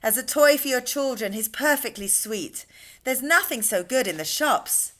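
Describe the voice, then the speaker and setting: An eager, friendly small boy from a children's storybook, as a woman voices him. He chirps his rhymes in a very high, bright, sing-song voice full of bounce. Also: animated, moderate pace.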